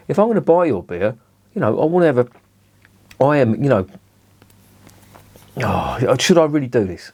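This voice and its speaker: A man's voice: mid-range voice, very animated, moderate pace, pauses often, darkish tone, husky. A middle-aged man with a blunt, sweary manner, ranting in a casual beer review and peppering it with "you know".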